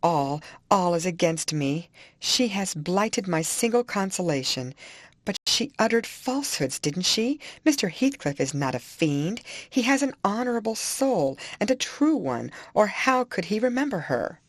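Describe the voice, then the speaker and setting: A woman's voice: mid-range voice, sing-song, unhurried, hardly any pauses, no echo, studio quality, pitched above the performer's own voice. A woman reading an audiobook, voicing a jealous young woman in love who pleads, sobs and grows indignant. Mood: tearful.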